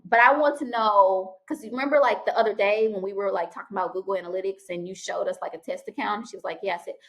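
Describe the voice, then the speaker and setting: Young woman vlogger, chatty storyteller, natural and animated. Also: medium pitch. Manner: animated, chatty, with quoted dialogue and restarts. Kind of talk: casual storytelling vlog.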